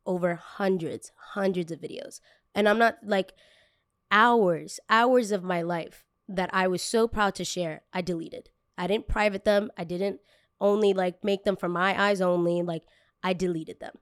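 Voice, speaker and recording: A woman's voice: mid-range voice, fairly even intonation, a little slow, no room sound, clean studio sound. A young woman content creator candidly telling a personal story, emotional and full of casual fillers.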